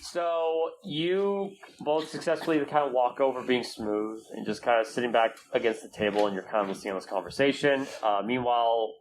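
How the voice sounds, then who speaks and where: A man's voice: medium pitch, fairly even intonation, brisk, hardly any pauses, slight background noise, poor audio. A man narrating as game master, loose and hesitant with many fillers.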